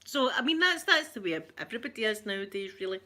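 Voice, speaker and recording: A middle-aged Scottish woman chatting away to her live viewers with a bright, clear voice. She greets people by name and laughs easily as she talks. Her pitch sits in an ordinary middle range. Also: lively intonation, fast. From Scotland. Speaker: ASMR livestream host. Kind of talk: casual chat with live viewers.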